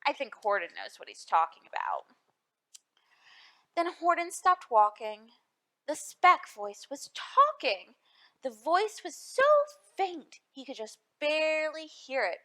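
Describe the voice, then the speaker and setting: Woman librarian for storytime read-aloud, high voice, slow unhurried delivery. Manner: expressive, addresses children with questions. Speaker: children's librarian.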